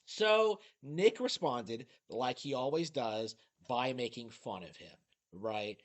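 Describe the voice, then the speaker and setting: A man's voice: mid-range voice, expressive, takes it slowly. A man narrating a commentary video, sarcastic and incredulous. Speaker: YouTube commentator.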